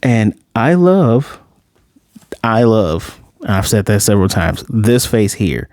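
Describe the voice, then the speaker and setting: A man's voice: fairly low pitch, sing-song, slow pace, a little mellow, dry recording, studio quality. A man reviewing an anime episode in a casual, rambling, blunt way.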